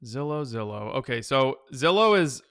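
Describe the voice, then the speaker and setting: Chatting loosely through viewer questions, a male host of a live stock-trading stream does casual chart analysis and frequently restarts sentences. His mid-range voice has big pitch swings and a moderate pace, with a fairly bright, clear, resonant tone.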